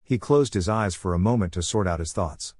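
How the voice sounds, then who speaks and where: A man narrating fan fiction in a steady, plain storytelling manner. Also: sits low, brisk, husky, no room sound, clean studio sound. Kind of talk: fan fiction read-aloud.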